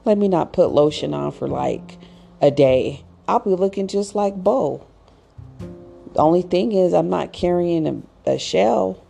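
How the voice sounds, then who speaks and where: A woman's voice: sits low, vocal fry, dark tone. A woman talking casually to viewers in a rambling, chatty monologue with acted asides and frequent restarts. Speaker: pet owner giving advice.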